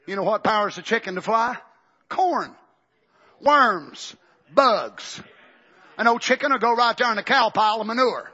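A man preaching a fiery Pentecostal sermon, swinging from shouts to hushed near-whispers. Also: sits high, fairly even intonation, fast, hardly any pauses, muffled recording.

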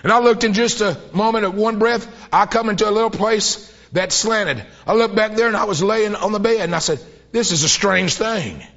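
A man preaching a sermon, telling a vision with mounting fervor and bursts of shouted praise. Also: sits high, normal speed. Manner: fervent storytelling, voice rising to shouts of praise. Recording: dull lo-fi old tape.

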